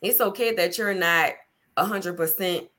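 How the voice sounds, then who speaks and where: A woman hosting a casual podcast conversation, her voice sitting a bit low. She talks in an emphatic, chatty, motivational way, leaning into her points. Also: a little slow, fairly bright tone. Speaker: podcast host.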